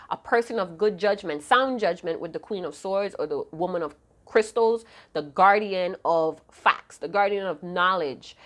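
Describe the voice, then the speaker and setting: A woman giving a casual tarot reading to her viewers, chatty and profane with lots of slang, her voice a little hoarse. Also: on the low side. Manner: chatty, slangy and profane, hums song snippets. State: slightly hoarse, losing her voice. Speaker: tarot card reader.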